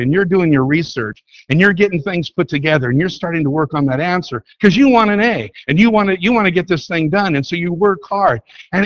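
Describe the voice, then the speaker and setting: A man with a high voice preaches a sermon and brings a story to life by acting out each person's lines. The recording sounds dull and lo-fi. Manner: storytelling, acts out dialogue, animated.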